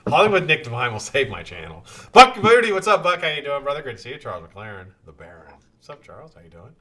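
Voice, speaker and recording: A male live-stream host with a lively, swinging delivery and a bright, forceful tone. He greets his chat viewers one by one in a casual, swearing banter. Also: mid-range voice, fast, husky.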